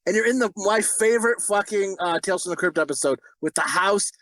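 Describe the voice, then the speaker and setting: High-voiced rowdy swearing man. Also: brisk, a bit bright. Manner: crude, rowdy, swears constantly. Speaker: podcast host. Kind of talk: casual podcast chat.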